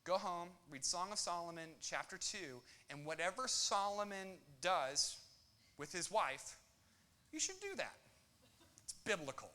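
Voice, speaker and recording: Young guy pastor preaching, kinda high bright voice, jokey and animated. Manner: animated, joking, quick asides and acted quotes. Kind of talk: sermon.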